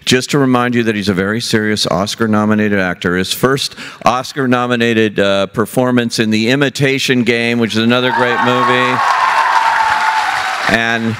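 A man's voice: medium pitch, fairly even intonation, normal speed, fairly bright tone, a faint crowd, slight background noise. A male moderator leading an on-stage interview and introducing film clips. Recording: long hall reverb.

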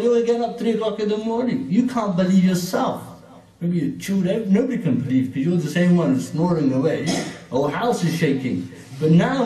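A man's voice: on the high side, mellow. A man with a British accent giving an informal religious class, chatty and asking his listeners questions. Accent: British English. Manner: chatty, asks listeners questions, mixes in Urdu words. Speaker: mosque teacher. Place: mosque hall. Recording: echoey hall, mic at a distance.

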